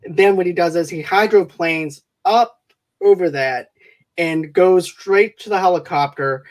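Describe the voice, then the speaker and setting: Podcast co-host, male, relaxed, conversational asides. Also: sits high, a little slow. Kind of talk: casual movie review chat.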